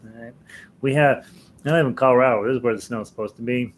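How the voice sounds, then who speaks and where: A man's voice: mid-range voice, fast, rough recording. An American man hosting a live ukulele lesson stream, chatting casually with viewers, chuckling often and rambling with fillers and restarts. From United States.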